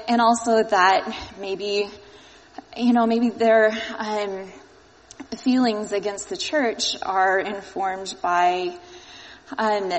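A woman hosting a casual discussion, chatty and lightly teasing, explaining points as she goes. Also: medium pitch. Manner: chatty, teasing, quotes others while explaining. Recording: reverberant room.

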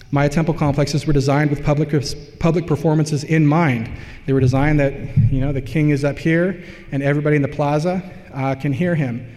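A man's voice: a little high, dark tone. A man giving an academic slide lecture, explaining things step by step with casual asides. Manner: explanatory, loosely conversational with asides. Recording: long hall reverb.

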